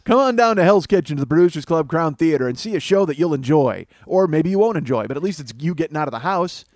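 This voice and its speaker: A middle-aged man hosting a solo comedy podcast, rambling and profane, breaking into loud mock voices. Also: a little high, expressive, quick pace, no room sound. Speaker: comedian host.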